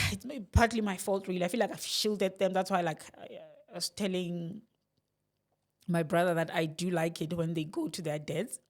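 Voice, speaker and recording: A middle-aged woman with a South African accent, talking candidly to camera in a reflective, rambling personal vlog, with sighs and soft laughs. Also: lowish voice, steady tone, normal speed. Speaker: vlogger.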